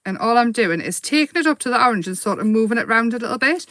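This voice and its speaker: Bubbly, higher-voiced woman hosting a live craft demo, dry close sound. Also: animated, fast, bright, forceful tone, no echo. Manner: chatty, giggly, talks while painting.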